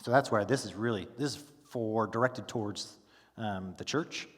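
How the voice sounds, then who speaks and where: A man teaching a Bible study class in a relaxed, conversational way, full of fillers and restarts, who stops to ask his class questions. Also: on the low side, normal speed, in a large hall. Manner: casual, with frequent fillers and restarts. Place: church classroom.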